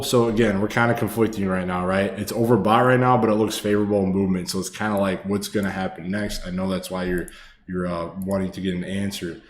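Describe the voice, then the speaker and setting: Calling his viewers brother and boss and swearing freely, a man with a lowish voice casually goes over stock charts on a live stream. Recorded in an echoey room with faint ambience, there's slight background noise.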